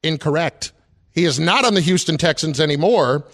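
A man hosts a sports radio show in a bright, fairly high voice. He quizzes his co-host with a dry, teasing edge. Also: expressive, normal speed. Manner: teasing quiz-master, dry. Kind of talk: casual sports radio banter.

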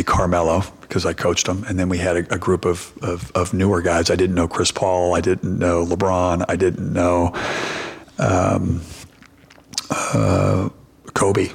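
A middle-aged man coaching basketball talks to reporters in a low, gravelly voice. His tone is husky and held in a narrow, flat range. He rambles, restarting sentences as he tells his story. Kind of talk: press conference answers.

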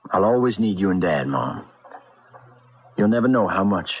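An actor playing a brooding, perceptive young man in his twenties in a radio drama, speaking earnestly and softly to his parents. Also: deep voice, animated, normal speed, slightly rough, exaggerated voice. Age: 20s. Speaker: son, basketball star. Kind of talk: 1970s radio drama acting. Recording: lo-fi old radio broadcast.

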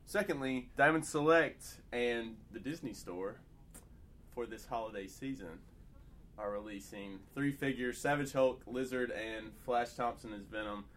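A man's voice: mid-range voice, unhurried, a bit bright, a little hiss or hum. A man co-hosting a podcast, running through news items with enthusiasm. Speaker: podcast co-host.

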